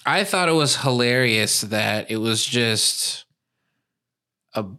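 A man's voice: mid-range voice, slow, smooth. A man co-hosting a podcast, chatting casually and breaking into joking mock accents. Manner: animated, slips into mock accents for jokes. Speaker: podcast co-host. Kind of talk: casual chat.

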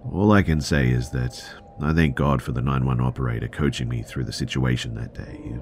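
A man narrating a tense first-person story in a measured storytelling voice. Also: a bass voice, a little hiss or hum.

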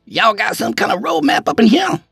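A man voicing a drawling country sidekick who talks slowly with plenty of slang. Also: high voice, very animated, vocal fry, pushed and bright, breathy edge, no echo, faint music behind, voice pushed up, heavily acted. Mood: casual. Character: drawling good-old-boy sidekick.

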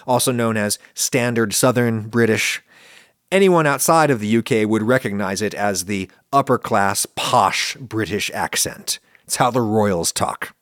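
A man's voice: medium pitch, dry recording, studio quality. Wry man with a northern US accent. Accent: general northern US. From central Pennsylvania, US. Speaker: host answering viewer questions. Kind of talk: casual explanatory monologue.

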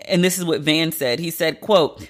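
Blunt, animated woman podcast host. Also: normal speed. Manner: animated, blunt and profane, sharp pitch jumps for emphasis. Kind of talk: casual commentary podcast.

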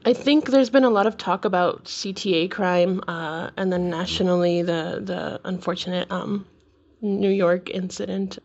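A woman's voice: lowish voice, normal speed, darkish tone, muffled recording. A woman who works as a news reporter, talking casually with a lot of hedging. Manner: casual, hedging, lots of like and kind of. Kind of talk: casual podcast chat.

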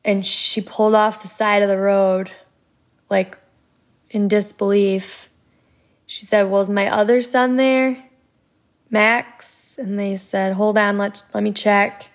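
Woman interviewee, gravelly low-key delivery, halting retelling, soft music under. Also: monotone. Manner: halting retelling with many fillers. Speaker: bereaved wife interviewed. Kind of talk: recounted interview testimony.

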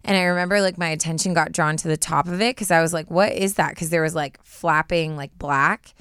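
A woman's voice: low voice, fairly even intonation, brisk, fairly bright tone, smooth, no echo, clean studio sound. A young woman co-hosting a podcast, casually retelling a scary story with lots of filler words. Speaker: podcast co-host.

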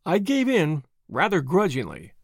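A man narrating a story in a measured, expressive way. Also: a little high, creaky, slightly rough, dry recording, studio quality. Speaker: audiobook narrator. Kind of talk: scripted narration.

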